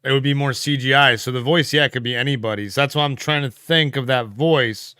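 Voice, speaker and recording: Bright, smooth-voiced man musing on a livestream. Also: mid-range voice, fairly quick, dry recording, studio quality. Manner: relaxed, musing aloud with fillers and laughs. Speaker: livestream co-host. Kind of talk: casual livestream chat reading comments.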